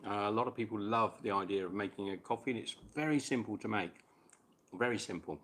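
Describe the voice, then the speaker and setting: A man's voice: fairly low pitch, fast, a bit bright. A man hosting a casual live stream chat while cooking, chatting between bites and answering viewers' questions.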